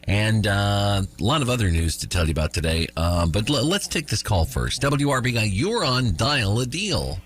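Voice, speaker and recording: A man's voice: on the low side, sing-song, moderate pace, few pauses, slightly rough. A man in his fifties hosting a radio show, reading news items with jokes and chuckling at his own lines. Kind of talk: morning radio chat and news.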